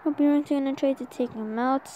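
A woman giving excited live gameplay commentary while she has a sore throat from an oncoming cold. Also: high-pitched, moderate pace, a little hiss or hum. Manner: excitable, urging the game on aloud. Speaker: gamer.

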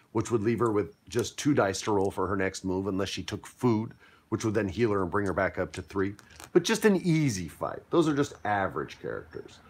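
A man acting as game master, explaining dice rules and narrating a pirate fight in an upbeat, playful way. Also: fairly low pitch.

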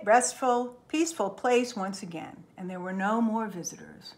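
A woman librarian reading a picture book aloud to children, expressive and chatty, often checking in with "right?". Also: mid-range voice, moderate pace. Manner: lively, expressive storytelling with frequent "right?".

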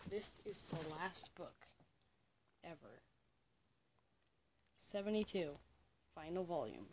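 A young teenage girl rambling in a casual home vlog, drifting into soft whispered asides and cooing high at her pet. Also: background noise. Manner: high coo when talking to her pet. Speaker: vlogger. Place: home room.

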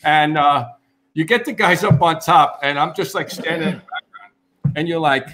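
A middle-aged man hosting a podcast. He tells a firehouse story in an animated way, acting out quotes and swearing casually. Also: on the high side, moderate pace, noisy background. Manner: animated, acts out quotes, swears, many fillers. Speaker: podcast host, firefighter.

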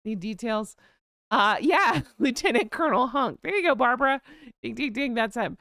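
A woman's voice: fairly high pitch, lively intonation, normal speed, a bit bright, dry recording, studio quality. A woman with a Southern US accent, hosting a casual live-stream chat in a gossipy, giggly way. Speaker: host.

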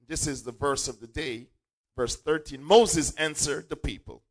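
A man's voice: a little high, steady tone, normal speed, rough recording. A male preacher delivering a sermon in church, repeating key lines and calling on the congregation to say them back. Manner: call-and-response preaching, repeating lines for emphasis.

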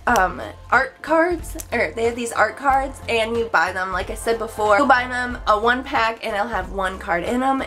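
A young woman with a voice on the high side and a bit bright gushes through an unboxing on her YouTube vlog. She squeals excitedly, adds chatty asides, and her voice cracks.

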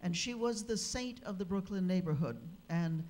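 A woman speaker at a religious gathering, telling an anecdote in a lively, animated way with humorous asides. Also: medium pitch, normal speed. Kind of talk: anecdotal storytelling. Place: live gathering hall.

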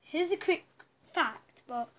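A woman's voice: high voice, animated, slow pace, a bit bright, a little hiss or hum, low-quality recording. A woman giving casual, rambling commentary while playing a story game, reacting aloud as she goes. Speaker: gaming channel host. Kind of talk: casual let's-play commentary.

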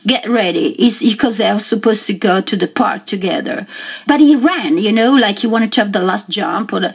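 A woman telling a personal story in a radio interview, talking haltingly and with feeling, often acting out what people said. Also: medium pitch, gravelly, husky. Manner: halting and emotional, acts out quoted dialogue. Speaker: interview guest. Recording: muffled lo-fi radio audio.

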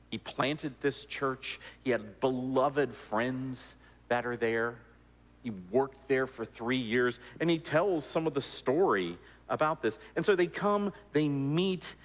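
A man giving a conversational sermon, with frequent restarts and fillers. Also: mid-range voice. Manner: conversational, repeats words, many fillers and restarts. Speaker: preacher. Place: church sanctuary. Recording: long church reverb.

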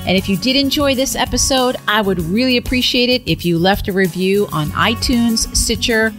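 A woman's voice: fairly high pitch, moderate pace. A woman host reading a friendly, grateful podcast sign-off. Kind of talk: recorded podcast outro. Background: soft music.

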